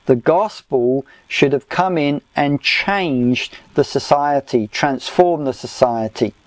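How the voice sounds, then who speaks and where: Male Bible teacher, unhurried, halting lecture delivery, dry close recording. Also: fairly high pitch, no room sound. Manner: slow, measured, with frequent "uh" pauses.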